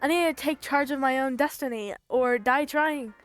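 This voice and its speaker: A woman's voice: sits high, normal speed, soft background music, natural voice. A woman voicing a nervous, self-pitying male character with a phone for a head, who stammers a lot. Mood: flustered.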